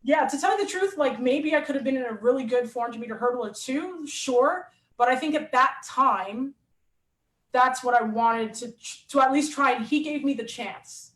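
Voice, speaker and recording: Animated woman in a roomy echo. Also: sits high, moderate pace. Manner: animated, lively storyteller. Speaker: athlete and coach guest. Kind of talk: casual storytelling in an interview.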